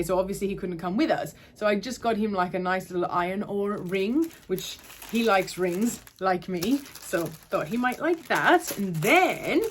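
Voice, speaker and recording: A woman's voice: medium pitch, slight background noise. A young woman with an Australian accent that drifts towards Irish, chatting casually and rambling in a home vlog to camera. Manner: chatty, rambling, loses her train of thought. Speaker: vlogger. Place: at home, indoors.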